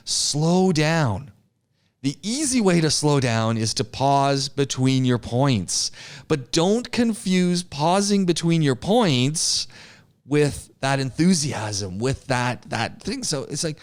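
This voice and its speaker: Animated man teaching public speaking. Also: mid-range voice, a little slow. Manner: animated, acts out sample chats, frequent restarts. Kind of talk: classroom lecture with feedback.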